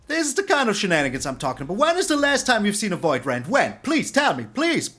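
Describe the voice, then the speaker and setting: Excitable man with a lively, high voice. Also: quick pace. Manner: excitable, exclamatory, repeats words for emphasis. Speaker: streamer playing a card game. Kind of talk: live gameplay commentary.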